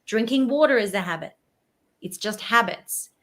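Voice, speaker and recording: A woman, a voice presentation coach giving tips in an interview, animated and demonstrative. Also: fairly high pitch, normal speed.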